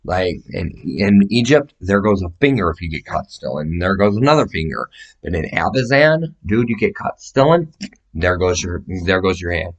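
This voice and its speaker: Deep voiced guy just rambling to the camera, swearing a lot, jumps around. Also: sing-song, normal speed. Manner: profane, meandering, gestures while describing sizes. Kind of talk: rambling casual monologue to camera.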